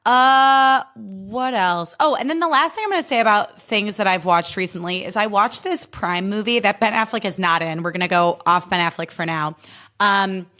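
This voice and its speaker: A woman's voice: mid-range voice, normal speed, pushed and bright. A woman in her thirties from Illinois, hosting a solo podcast in a chatty, emphatic way, full of fillers and swearing. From Illinois, USA. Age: 30s. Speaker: podcast host. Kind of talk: casual solo podcast chat.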